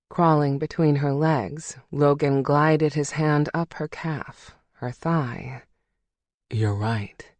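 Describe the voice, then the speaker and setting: An audiobook narrator reading a romance novel in a measured, intimate way. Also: medium pitch, a little mellow, dry recording.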